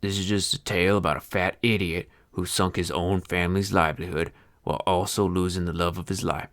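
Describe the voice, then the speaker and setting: A deep-voiced bitter old Western feed seller. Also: male voice, fairly even intonation, brisk, fairly bright tone. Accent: old-timey Western American twang. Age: older. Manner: grumbling, sardonic, cursing folksy storyteller. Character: bitter old male horse-feed seller, near seventy. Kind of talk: film narration.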